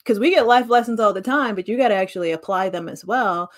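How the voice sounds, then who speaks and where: Quick-paced and mid-range in pitch, a woman in her late thirties co-hosts a podcast with casual, story-filled chat. She's an animated narrator who acts out every quoted voice.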